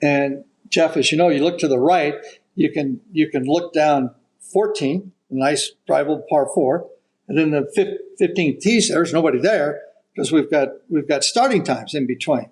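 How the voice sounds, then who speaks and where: An older man, a golf broadcaster guesting on a podcast, telling an animated story and acting out the voices of the people in it. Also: on the high side, moderate pace, low-quality recording. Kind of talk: storytelling anecdote.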